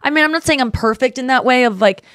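A woman's voice: high-pitched, fast talker, fairly bright tone, dry recording, clean studio sound. A woman in her thirties hosting a podcast, chatting casually and animatedly, acting out the people she quotes. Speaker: podcast host. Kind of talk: casual comedic chat.

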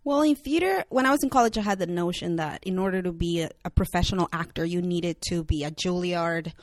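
Speaking fairly quickly in a fairly low voice, this young woman with a Spanish accent is an actress and writer being interviewed. The talk is casual and candid, packed with filler words, and the recording is dry and studio quality.

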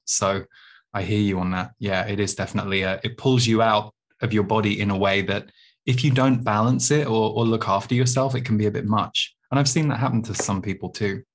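A man's voice: lowish voice, fairly even intonation, a little fast. A man hosting a spiritual podcast, speaking thoughtfully and reflectively. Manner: thoughtful, reflective, with many restarts. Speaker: podcast host. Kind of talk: casual interview chat.

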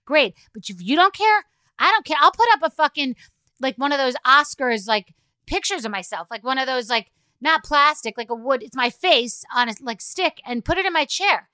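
A woman's voice: high-pitched, lively intonation, moderate pace, pushed and bright, dry recording. A middle-aged woman hosting a podcast, telling a rambling, profane, exasperated story full of "like"s. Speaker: podcast host. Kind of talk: solo comedic rant.

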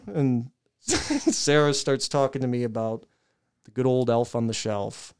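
A young man on a podcast, telling a long profane story in a casual, animated way and laughing as he goes. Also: mid-range voice, unhurried, clear, resonant tone. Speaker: podcast co-host.

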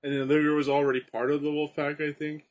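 A man's voice: a little high, little pitch movement, fast talker. Easygoing man who laughs a lot. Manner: easygoing, laughs often, trails off mid-sentence. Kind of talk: casual chat watching old wrestling.

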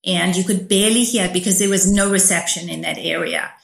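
A woman's voice: fairly low pitch, steady tone, a little fast, gravelly. Emphatic middle-aged woman, roomy sound. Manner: vivid, emphatic storytelling. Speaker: author guest. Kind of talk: storytelling interview answers. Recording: roomy echo.

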